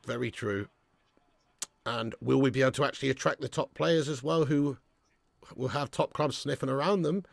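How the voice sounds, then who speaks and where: A man hosting a live football watch-along, reading viewers' messages and ranting with lots of swearing, loud one moment and low and glum the next. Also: moderate pace, creaky, long pauses, no room sound. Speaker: YouTube fan channel host.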